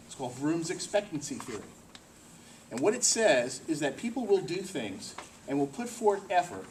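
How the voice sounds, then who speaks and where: A man gives a workplace presentation in a meeting room, lively and joking, tossing questions to the audience. His voice sits a touch high for a man and comes from a distant mic. A faint hiss runs under it.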